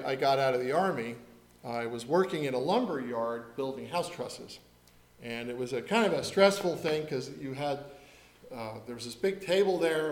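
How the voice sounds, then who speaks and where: A middle-aged man preaching a sermon in an earnest, storytelling manner and leading the congregation in a simple song. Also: a little high. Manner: earnest, storytelling, leads singing. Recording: echoey room.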